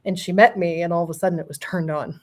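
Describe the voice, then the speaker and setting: A woman's voice: lowish voice, fairly even intonation, fast talker. A middle-aged woman, a medium and guest, telling a personal story in a casual interview. She laughs often, swears offhandedly and acts out quotes.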